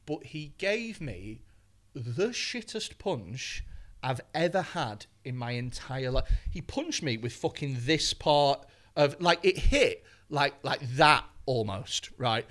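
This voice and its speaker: Lively comic, bright voice and swinging pitch, sweary storyteller, acts out the parts. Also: male voice, slow. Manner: animated, expletive-laden, acts out voices. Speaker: comedian guest. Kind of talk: anecdotal storytelling on a podcast.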